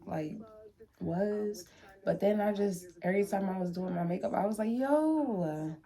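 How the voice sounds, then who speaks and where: A woman's voice: medium pitch, measured pace, mellow. A young woman talking to the camera from her room in a heartfelt, chatty vlog, repeating herself as she speaks. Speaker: vlogger. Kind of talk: emotional casual vlog to camera.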